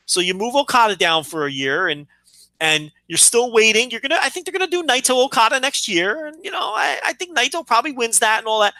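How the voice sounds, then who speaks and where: A man's voice: very high-pitched, expressive, fast, sharp tone, no echo. A man co-hosting a wrestling podcast, talking casually and repeating words as he gathers his thoughts. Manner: rambling, repeats words while thinking. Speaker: podcast co-host. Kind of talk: casual chat.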